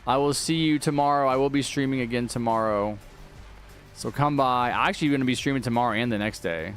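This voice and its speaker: A man's voice: medium pitch, quick pace, soft background music. A man live-streaming a video game, chatting casually, reading viewer messages aloud and thanking donors. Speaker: livestreaming gamer.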